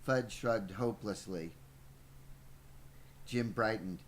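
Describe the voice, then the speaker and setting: A man's voice: on the low side, slow, slight background noise, rough recording. Man reading a book aloud, playful. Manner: reads aloud with stumbles and asides, playful. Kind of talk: live book reading with banter.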